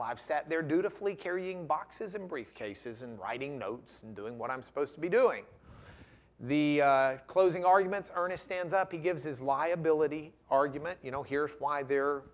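Guy telling a courtroom story to a class, pretty high voice, gets loud and dramatic. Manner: dramatic, builds to loud bursts. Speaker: guest lecturer, trial lawyer. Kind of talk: animated storytelling lecture.

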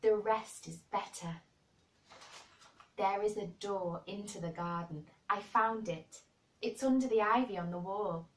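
A woman's voice: mid-range voice, natural voice. A woman voicing a blunt, plain-spoken girl who talks frankly and earnestly. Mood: urgent. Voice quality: frank and brisk. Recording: roomy and distant.

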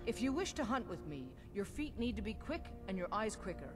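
A woman's voice: mid-range voice, very animated, a little fast, faint music behind, lightly acted. A woman voicing a proud, tough warrior huntress. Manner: confident, curt, challenging. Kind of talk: video game voice acting.

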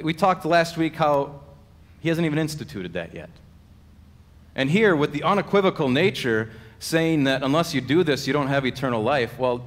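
A man delivers a sermon in a church sanctuary. His voice sits at a middling pitch and trails off into a long church reverb. He preaches earnestly, slowing down and leaning on quoted scripture. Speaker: pastor.

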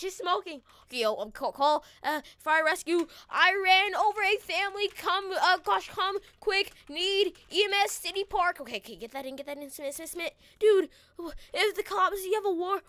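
A woman hosting a gaming channel, chatting casually and excitably through a roleplay, stammering and slangy when alarmed. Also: high-pitched, brisk, no room sound. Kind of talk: casual roleplay commentary over gameplay.

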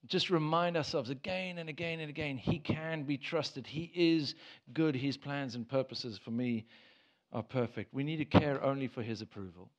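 A man's voice: medium pitch, moderate pace. Earnest man preaching a sermon. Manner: earnest, rises to emphatic bursts, many restarts. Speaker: pastor. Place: church. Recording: dull church service recording.

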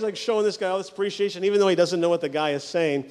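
A male pastor preaching a sermon, telling stories with quick mimicry of the people in them. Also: high voice, darkish tone, big-room sound.

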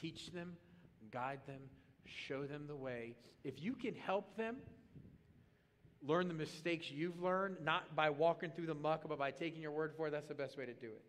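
A man preaching a sermon as pastor, animated and comic, swinging into loud excited bursts. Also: on the high side, normal speed, a little hiss or hum. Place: church auditorium. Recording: long reverb of a large hall.

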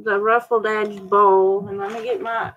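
A woman's voice: mid-range voice, little pitch movement, measured pace, fairly bright tone, dull audio, a little hiss or hum. A woman hosting a live online sale, chatting casually and describing each item in detail. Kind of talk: casual live-stream selling chat.

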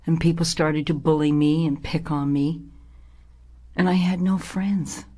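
A slow, husky older woman tells her own life story. Her low voice turns raw and emotional, and she sinks into near-whispers for emphasis, sometimes in a tight, higher register. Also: fairly even intonation. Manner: emotional, dramatic, drops to a hushed whisper. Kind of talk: personal life story told to an audience.

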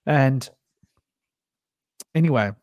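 A man's voice: medium pitch, drawn-out words, a little mellow, dry recording, clean studio sound. A man hosting a candid conversation, telling long rambling personal stories full of asides and restarts. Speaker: podcast host.

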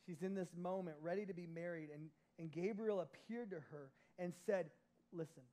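A man preaching a sermon as lead pastor, animated, moving between loud emphasis and soft, close passages. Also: high-pitched, normal speed, rough recording. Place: church.

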